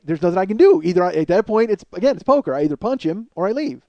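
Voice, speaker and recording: Excitable, fast-talking profane male comedian. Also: high-pitched, slight background noise. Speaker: comedy podcast host. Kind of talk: comedic storytelling monologue.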